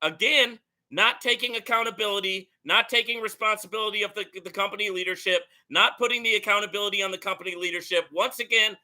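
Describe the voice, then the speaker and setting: Bright, emphatic man giving commentary. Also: high voice, fast, few pauses. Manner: animated, emphatic, keeps asking "right?". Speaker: host. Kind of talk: commentary on played clips.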